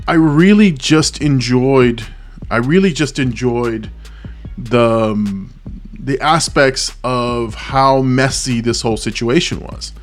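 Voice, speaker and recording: A man's voice: medium pitch, takes it slowly, faint music behind. Earnest man musing about a film. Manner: thinks aloud, searching for words and circling back; earnest and open about his feelings. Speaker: movie reaction channel host. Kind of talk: casual spoken movie review.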